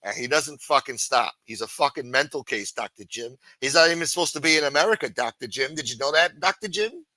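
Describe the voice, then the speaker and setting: A male livestream host rants in a sarcastic, profanity-laced tirade. His pitch swings widely and his tone is bright and cutting. The sound is close and dry. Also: animated, brisk, few pauses, no room sound, low-quality recording. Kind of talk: ranting livestream commentary.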